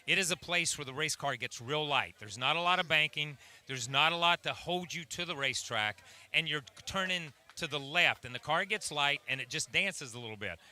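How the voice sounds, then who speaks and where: Middle-aged male racing analyst cohost, very bright timbre, animated and emphatic. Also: fairly high pitch, normal speed. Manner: animated, emphatic explaining with restarts. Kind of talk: casual studio chat.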